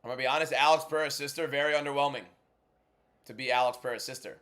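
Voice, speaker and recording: A man hosting a casual fight watchalong livestream, blunt and bantering as he answers chat, moving between a subdued inside voice and loud hyped delivery. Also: mid-range voice, fairly even intonation, racing. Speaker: MMA content creator and livestream host.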